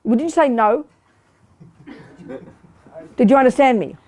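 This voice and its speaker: An older woman giving a lively Buddhist teaching to a live group, quizzing her listeners and talking bluntly and playfully. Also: sits high, a little slow. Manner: animated, questioning the audience, blunt and playful. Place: meditation study group hall.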